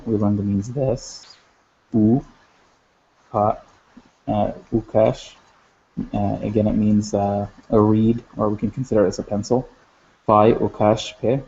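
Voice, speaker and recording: A man with a low, gravelly voice explains grammar in a recorded lesson. He talks in a flat, halting way, full of fillers and restarts, and the sound is dull and lo-fi. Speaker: language teacher.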